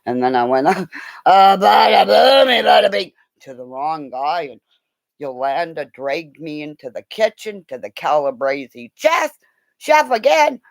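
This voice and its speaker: A woman telling a long, rambling story in a casual way. She laughs often and bursts into loud quoted lines. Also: low-pitched, very animated, unhurried, no room sound.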